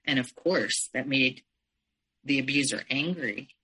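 A woman guest in an interview recounting her own story in a halting, emotional way, with restarts and frequent asides. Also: extremely low pitch, bright, forceful tone, breathy edge, low-quality recording. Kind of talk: personal storytelling in conversation.

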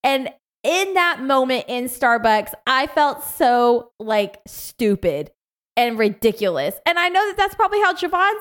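A woman co-hosting a podcast in casual chat, giggly, animated and emphatic. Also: high-pitched, unhurried, smooth. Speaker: podcast co-host.

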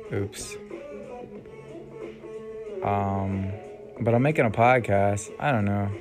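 A man's voice: lowish voice, slow. A young man hosting his own solo podcast, musing casually and trailing off with frequent ums and sighs. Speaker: podcast host. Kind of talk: rambling solo podcast monologue. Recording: music playing behind the voice.

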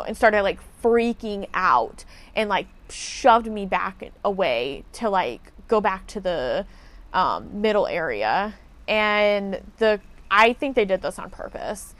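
A woman's voice: medium pitch, lively intonation, takes it slowly, a bit bright. A woman telling a casual story as a podcast host, blunt and profane as she vents her frustration.

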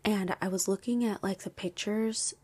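Young woman vlogging, super gushy and excited, husky breathy voice, keeps dropping to whispers. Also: mid-range voice, normal speed. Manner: gushing and excitable, often drops to a whisper. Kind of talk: casual chat.

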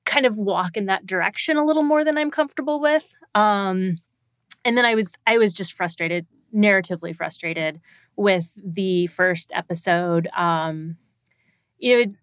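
Woman, podcast guest, casual chat, hesitant, thoughtful, mid pitch, dry close mic. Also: moderate pace, no echo. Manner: hesitant, thoughtful, frequent ums. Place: shared recording room.

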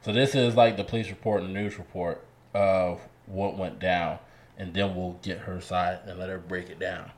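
A man's voice: low voice, little pitch movement, normal speed. A man co-hosting a casual podcast, reading a news report aloud in a plain, matter-of-fact way with uh and um fillers. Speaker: podcast co-host.

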